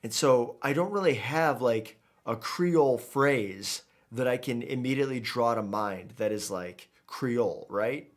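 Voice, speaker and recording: Man, gaming streamer, casual commentary, rambling, joking, self-interrupting, mid pitch. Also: a little slow, few pauses. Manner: rambling, jokey, trips over his words. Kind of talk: casual let's-play commentary.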